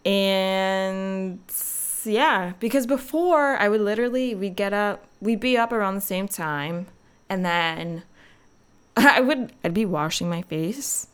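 A woman's voice: medium pitch, slow pace, clean tone. A young woman hosting a podcast, chatting casually and rambling with lots of fillers. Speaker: podcast host. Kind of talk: casual solo podcast chat.

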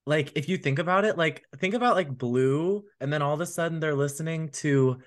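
A man's voice: on the high side, fairly quick. A man co-hosting a podcast, chatting casually and rambling with lots of fillers. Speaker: podcast co-host. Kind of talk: casual chat.

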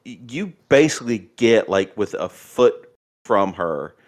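A man with a somewhat low voice runs a tabletop horror game as its game master. He narrates in halting, searching descriptions. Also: expressive.

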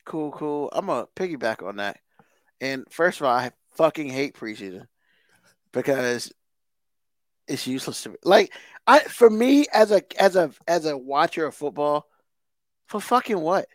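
A high-voiced man rants on a podcast, heated and profane, circling back to the same gripe again and again. The sound is close and dry, with no room around it. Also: sing-song, normal speed, long pauses, no echo. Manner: heated, swears constantly, emphatic repetition. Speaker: podcast co-host. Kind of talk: casual profane rant.

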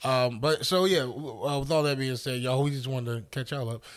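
A man's voice: mid-range voice, brisk. A man co-hosting a casual podcast, upbeat and chatty, greeting listeners as family and often repeating his words. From Northeastern United States. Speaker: podcast co-host. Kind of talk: casual chat.

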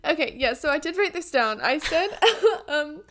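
Giggly young American woman, higher voice. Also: lively intonation, normal speed, a bit bright. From United States. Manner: giggly, rambling with many fillers. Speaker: podcast co-host. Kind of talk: casual chat.

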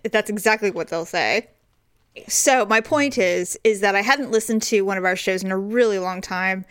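A woman's voice: mid-range voice, normal speed, clean tone, dry recording, studio quality. Frank, laughing woman podcast co-host. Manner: frank, animated storytelling with bursts of laughter. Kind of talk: casual comedic chat.

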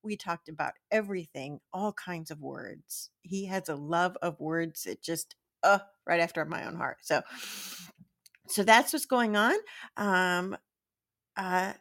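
A woman's voice: fairly low pitch, measured pace, fairly bright tone, no echo, studio quality. Chatty laughing woman podcast host. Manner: chatty, laughs often, rambling asides. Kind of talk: casual chat.

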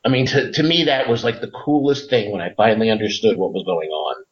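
A man with a low voice talks as a podcast guest, eager and rambling, piling up uhs and restarts. The audio is muffled and lo-fi. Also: brisk. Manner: rambling, enthusiastic storyteller with many fillers. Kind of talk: casual interview chat. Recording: dull lo-fi audio.

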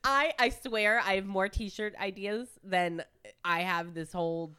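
A woman from Michigan hosting a podcast, chatting casually with a teasing, giggly, animated manner. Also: medium pitch, unhurried, smooth. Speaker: podcast host. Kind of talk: casual chat.

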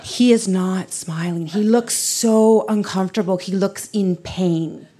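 A woman telling a personal story to a live audience, animated and laughing, dropping to whispers for her inner thoughts. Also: mid-range voice, unhurried.

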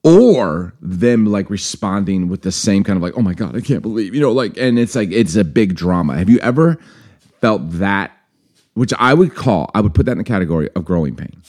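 A man's voice: low-pitched, normal speed. A man hosting a casual podcast, telling a personal story and acting out the dialogue. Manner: storytelling, animated, acts out quoted dialogue. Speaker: podcast host.

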